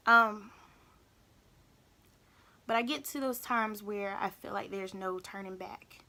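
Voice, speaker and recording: Bright-voiced woman in a halting confessional. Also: fairly high pitch. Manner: halting, emotional, repeats herself. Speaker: vlogger. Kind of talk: personal confessional vlog.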